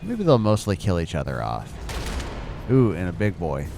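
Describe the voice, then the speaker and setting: Low-voiced guy chatting through a game, upbeat, music in the background. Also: wildly swooping pitch, moderate pace, creaky, dark tone. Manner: upbeat, exclaiming. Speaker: gaming video host. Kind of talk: game commentary.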